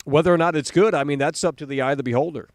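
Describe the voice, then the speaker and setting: Profane, animated man ranting on stream. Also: fairly high pitch, very fast, no echo. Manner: profane, animated, with many fillers and repeats. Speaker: host of a live horror film stream. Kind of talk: casual live-stream commentary.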